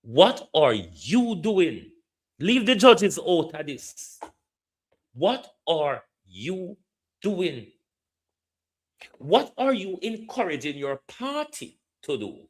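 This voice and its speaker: A man's voice: high-pitched, sing-song, extremely slow, pauses often. A man with a Jamaican accent hosting political commentary, lecturing and firing pointed questions at his listeners.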